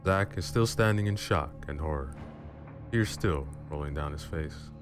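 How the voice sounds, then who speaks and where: A man hosting a channel who narrates a first-person horror story in a dramatic, measured way. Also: rumbling low. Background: music.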